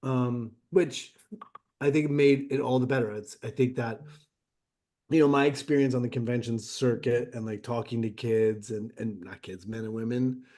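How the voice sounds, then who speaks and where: A middle-aged man telling stories in a casual interview, acting out quotes with lively shifts. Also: medium pitch, moderate pace. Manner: animated anecdote-telling with acted-out quotes. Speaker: interview guest, actor.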